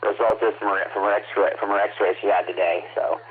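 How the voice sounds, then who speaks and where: A rambling man with a fairly low voice checking in on a ham radio net. He keeps repeating himself. He comes through a tinny radio line with faint hiss. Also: level tone, a little fast.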